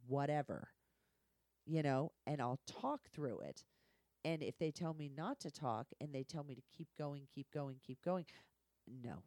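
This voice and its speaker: This guest on a laid-back podcast shares candid, foul-mouthed work stories with lively bluntness. She speaks in a deep voice at a measured pace, recorded dry with clean studio sound.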